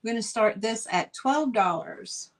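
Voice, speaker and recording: Slow-talking chatty woman. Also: a little high, slight background noise, low-quality recording. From northern United States. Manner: chatty, gushing, talks to viewers directly. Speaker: online seller hosting a live sale. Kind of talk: casual live sale chat.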